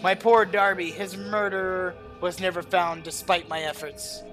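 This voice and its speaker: A man's voice: sits high, little pitch movement, moderate pace, music in the background, natural voice. A man reading the lines of a grieving ghostly wife in a game, in a pleading, mournful way.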